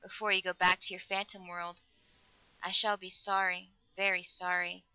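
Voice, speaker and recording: Woman playing tender sorrowful maiden from a storybook, soft and clear. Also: lowish voice, little pitch movement, normal speed, no room sound, lo-fi sound. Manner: soft, tender, at times whispered.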